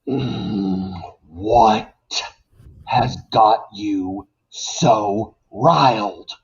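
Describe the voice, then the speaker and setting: An actor voicing a slow, dim-witted vulture in a stage play, with a drawn-out, puzzled delivery. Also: medium pitch, highs cut off.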